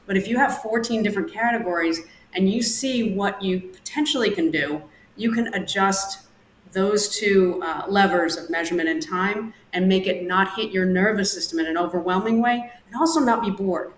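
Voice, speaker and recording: Woman coach talking goals slow and steady, roomy echo, faint hum behind. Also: medium pitch. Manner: measured, explanatory, deliberate. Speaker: performance coach, guest. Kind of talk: interview answers, coaching advice.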